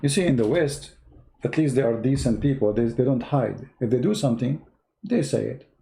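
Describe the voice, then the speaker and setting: Male livestream host, mocking, loose broken English, dark gravelly voice. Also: mid-range voice, lively intonation, normal speed. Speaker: host of a live stream. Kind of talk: casual livestream talk and joke telling.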